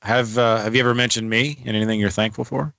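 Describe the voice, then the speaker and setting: A man's voice: mid-range voice, steady tone, quick pace, vocal fry, a bit bright, no echo. A man, co-hosting a casual podcast, rambling and asking lots of questions. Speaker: co-host.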